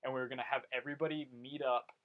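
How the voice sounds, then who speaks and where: A young man hosting a casual podcast, telling stories in an animated way and swearing now and then. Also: medium pitch, rapid-fire, phone-quality sound. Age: young adult. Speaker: podcast host. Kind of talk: casual chat.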